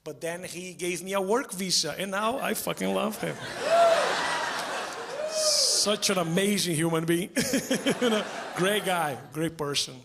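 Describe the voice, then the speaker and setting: A man doing stand-up comedy, deadpan and chuckling at his own jokes, on a stage mic. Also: sits high, a little slow, gravelly, heavy background noise. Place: theater stage before a live audience. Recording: live show with crowd laughter. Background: audience laughter.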